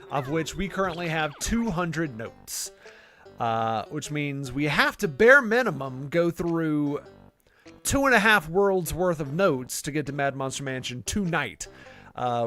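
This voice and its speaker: A man's voice: a little high, fairly bright tone. A man hosting a live gameplay stream, chatting casually in a rambling, self-deprecating way with plenty of fillers. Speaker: gaming channel host.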